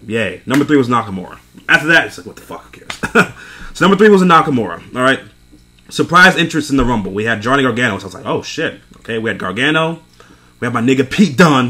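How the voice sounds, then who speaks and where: A man's voice: medium pitch, sharp tone, a little hiss or hum. A young man recapping a wrestling event in a casual, profane rant, exasperated and laughing between points. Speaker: wrestling show reviewer.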